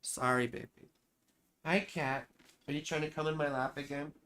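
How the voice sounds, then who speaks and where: A man hosting a casual live stream of astrology chart readings, speaking in a soft, consoling way to viewers, calling them baby and sweetheart and swearing now and then. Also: a little high, fairly even intonation, normal speed, clean tone. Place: home, with a cat nearby.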